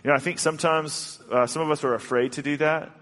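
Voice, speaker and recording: A man preaching a sermon in an earnest, halting way, often restarting his sentences. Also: a little high, steady tone, a bit bright. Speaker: pastor. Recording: long hall reverb.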